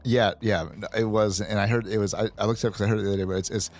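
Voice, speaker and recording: A man co-hosting a podcast, talking about a movie in halting, casual chat. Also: fairly low pitch, fairly even intonation. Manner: halting, lots of back-channel murmurs. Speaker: podcast co-host.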